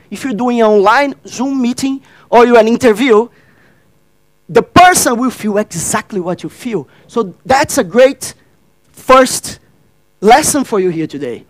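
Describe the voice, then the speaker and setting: Man giving a workshop talk, very high voice, dry close sound, asks the crowd questions. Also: animated, normal speed, no room sound, low-quality recording. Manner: addresses and questions the audience, acts out dialogue; non-native grammar, repeats phrases. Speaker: workshop speaker. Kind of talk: interactive stage talk.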